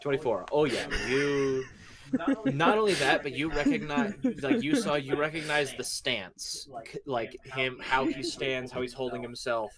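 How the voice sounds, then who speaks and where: A man narrating as game master of a tabletop role-playing game, describing scenes in an animated way. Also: medium pitch, measured pace, over a noisy crowd.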